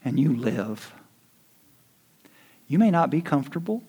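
A man preaching a sermon as pastor. He swings from quiet, hushed lines to loud, rising exhortation. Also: fairly high pitch, sing-song, unhurried, breathy edge.

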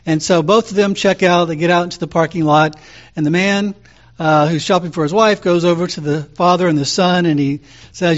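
A man preaching as pastor, calm and conversational, telling stories with frequent fillers. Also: high-pitched, fairly quick, highs cut off. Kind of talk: sermon.

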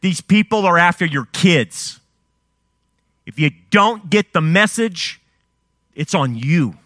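A man's voice: high voice, animated, slow pace, pushed and bright, no room sound, clean studio sound. A man preaching a sermon, firing off rhetorical questions and swinging his emphasis up and down. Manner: fiery rhetorical questions, rising and dropping emphasis.

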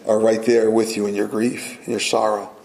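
A man preaching a sermon as pastor, deliberate and emphatic, repeating words for weight. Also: on the low side, completely flat delivery, gravelly, a little mellow, reverberant, poor audio.

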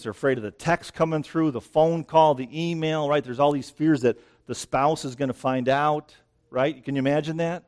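A man preaching a sermon outdoors, a little out of breath, in a conversational way that keeps checking in with the listeners. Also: fairly high pitch. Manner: conversational, keeps asking "right?". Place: outdoors near dense greenery.

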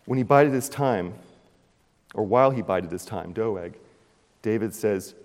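A man preaching a sermon, retelling a scripture story with animated storytelling, acting out the scenes and cracking puns. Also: on the low side, measured pace, long pauses. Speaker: pastor. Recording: long hall reverb.

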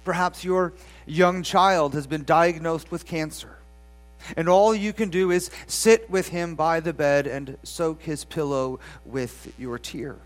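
A pastor preaching a sermon to the congregation with dramatic swings from loud to hushed, putting rhetorical questions to the listeners. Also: medium pitch, takes it slowly, faint music behind.

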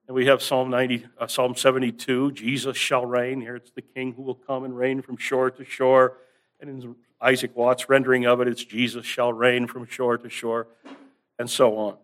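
A man's voice: medium pitch, flat delivery. A man preaching a sermon, teaching earnestly and building emphasis on key phrases by stretching them out. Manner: earnest, builds emphasis with rising stress and drawn-out words.

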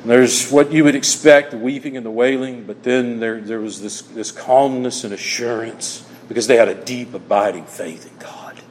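A man preaching a sermon as pastor, telling stories that drop soft and then rise emphatic. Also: mid-range voice, fairly even intonation, moderate pace, few pauses, slight background noise. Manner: storytelling, dropping soft then rising emphatic. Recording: long hall reverb.

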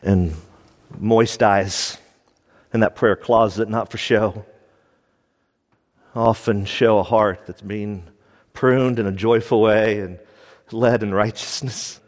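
A man's voice: on the low side, fairly even intonation, slow, long pauses, in a large hall. A man preaching a sermon as pastor, emphatic and repeating his key lines for stress.

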